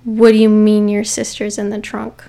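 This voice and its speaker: A woman's voice: medium pitch, completely flat delivery, moderate pace, warm tone, lightly acted. A woman voicing a remorseful middle-aged mother who pleads tearfully, breaking off and repeating herself. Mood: pleading.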